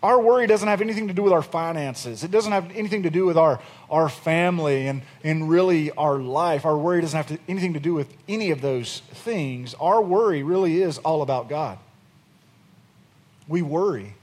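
Pastor, male, thirties, higher voice, conversational preaching that builds in force. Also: normal speed, a little mellow. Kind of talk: sermon. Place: church.

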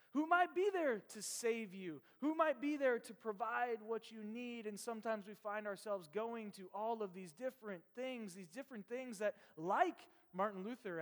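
A man preaching a sermon as pastor, telling stories with a joking, lively manner. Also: very high-pitched. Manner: lively, jokey storytelling. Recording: long hall reverb.

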